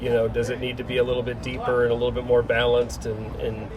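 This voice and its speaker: A man's voice: medium pitch, monotone, quick pace, crowd noise, low-quality recording. A man, a team executive, giving careful, hesitant answers at a press conference.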